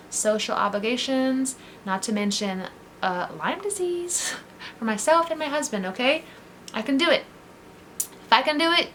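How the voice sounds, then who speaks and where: A woman's voice: medium pitch, a bit bright, slight background noise. Earnest encouraging woman vlogger. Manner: earnest, repetitive, coaching tone. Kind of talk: encouraging direct-to-camera talk.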